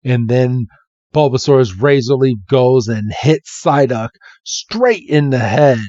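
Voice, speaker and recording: A man's voice: medium pitch, slow, no echo. A man hosting a podcast, casually retelling a comic and acting out the characters. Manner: animated, acts out the characters. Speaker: podcast host. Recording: slightly dull, dry recording.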